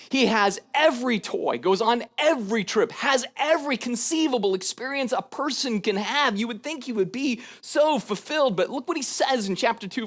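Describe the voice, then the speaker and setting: A man preaching a sermon as a pastor, in a conversational way that acts out scripture in lively paraphrase, with frequent rhetorical asides. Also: very high-pitched.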